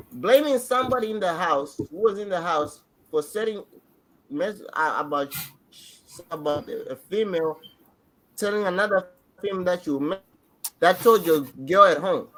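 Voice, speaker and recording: A man on a podcast excitedly rambling through a show recap, restarting sentences as he goes. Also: high voice, poor audio. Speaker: podcast co-host. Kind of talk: casual reaction chat.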